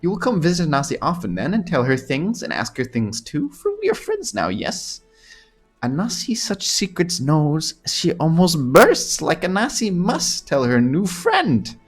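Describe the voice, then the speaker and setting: A man's voice: fairly high pitch, wildly swooping pitch, slow pace, hardly any pauses, fairly bright tone, breathy edge, soft background music, pitched above the performer's own voice, heavily acted. A man voicing a coy, scheming female cat-folk thief who speaks of herself in the third person, coaxing and purring as he reads game dialogue aloud. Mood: wheedling.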